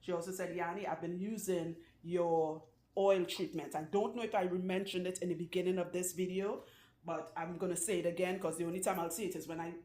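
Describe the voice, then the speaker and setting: A woman's voice: lowish voice, fairly even intonation, fast talker, darkish tone, reverberant. A woman who works as a loctician, giving casual hair and scalp advice and often checking in with her listeners. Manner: chatty, keeps checking in with listeners.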